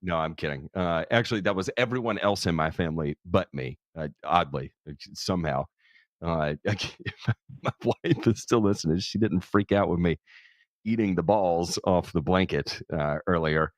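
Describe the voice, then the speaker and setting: A man's voice: low voice, normal speed, no room sound, studio quality. A man hosting a charity livestream, talking casually in a candid, profane, self-deprecating way. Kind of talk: casual chat.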